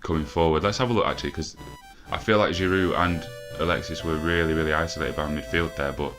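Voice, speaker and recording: A young man commentating a football video game live, a bit out of breath and swearing often, shouting when the action peaks. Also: very deep voice, steady tone, fast talker, soft background music. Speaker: gaming commentator.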